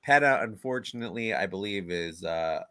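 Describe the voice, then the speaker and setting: A man's voice: fairly low pitch, expressive, a little fast, pushed and bright, clear, resonant tone, dry recording. A man co-hosting a wrestling review chat, recapping bluntly and sounding exasperated. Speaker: podcast co-host. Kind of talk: casual chat.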